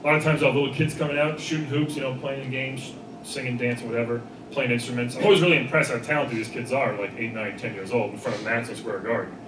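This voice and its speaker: With a medium-pitched voice and a quick pace, a comedian does his set before a live audience, animatedly playing various people in loud, shouted voices. Laughter fills the comedy venue, captured from a distance in an echoey room with background noise.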